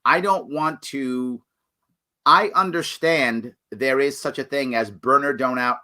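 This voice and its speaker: A man hosts a live political question-and-answer show, reading viewer comments and answering them in an earnest, animated way. He swings between loud emphasis and quiet apology, speaking slowly in a mid-range voice.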